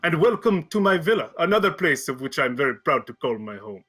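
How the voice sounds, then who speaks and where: A man's voice: fairly high pitch, big pitch swings, brisk, fairly bright tone, breathy edge, soft background music, exaggerated voice. Man doing a proud, cheerful noble host. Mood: formal. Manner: effusive, formal welcoming speech.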